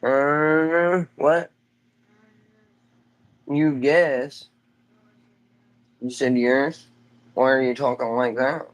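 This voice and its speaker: A man's voice: medium pitch, fairly even intonation, drawn-out words, pauses often. A man streaming live from home, chatting casually in a loose, rambling way, swearing offhand and calling everyone "dude".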